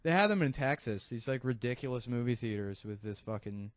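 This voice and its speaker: A man's voice: mid-range voice, expressive, a little fast, dry recording. Chill guy telling a story, cusses, middle voice, dry mic. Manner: laid-back, profane storytelling. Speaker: comedian telling stories. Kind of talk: casual podcast chat.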